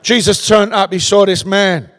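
A man's voice: sits high, steady tone, moderate pace, fairly bright tone, in a large hall. A man preaching a sermon in a conversational way, tossing out rhetorical questions in a large church.

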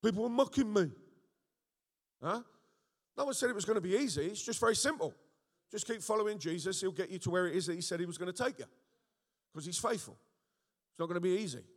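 A man preaching an animated sermon, often checking in with his listeners. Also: sits high, fast, long pauses. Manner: animated, rhetorical, frequent call-and-response checks. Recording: echoey hall with long reverb.

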